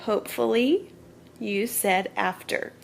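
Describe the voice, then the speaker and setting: A woman's voice: medium pitch, takes it slowly, vocal fry, slight background noise. A woman teaching a children's grammar lesson, patiently explaining step by step and often checking in with "okay?". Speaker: elementary school teacher.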